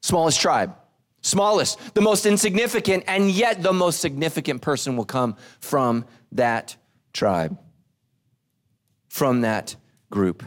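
A middle-aged man preaching a sermon with animated delivery, acting out quotes in shifting voices. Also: fairly high pitch, slow pace. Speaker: pastor.

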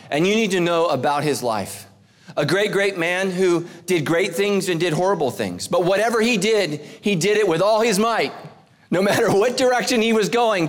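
A man in his forties preaching a humorous sermon as pastor. He jokes with the congregation, climbs to near-shouts on punchlines, and drops low and soft when he prays. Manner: animated, joking, rising to near-shouts on punchlines.

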